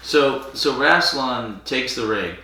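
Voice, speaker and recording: A man co-hosting a casual podcast, retelling a plot at length with quick voiced quotes. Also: medium pitch, animated, sharp tone. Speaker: podcast co-host. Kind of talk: casual chat recapping an episode. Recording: very echoey room.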